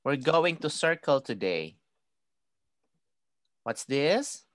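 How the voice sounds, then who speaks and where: A woman teaching an online phonics class to a young child, modelling words slowly and clearly and praising each answer. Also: sits low, very animated, no room sound, clean studio sound.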